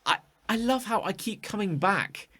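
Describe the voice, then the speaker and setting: A man from New Zealand, co-hosting a casual podcast chat, animatedly retelling scenes and dropping his voice low to mimic officials. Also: lively intonation, moderate pace, a bit bright. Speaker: podcast co-host.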